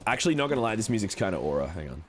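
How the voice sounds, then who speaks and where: Man, game streamer, showy cowboy con-man persona, folksy drawl-style talk, very lively pitch. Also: rapid-fire, slight background noise. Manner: folksy cowboy put-on talk, frequent high excited jumps. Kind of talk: in-character livestream chat, reading chat.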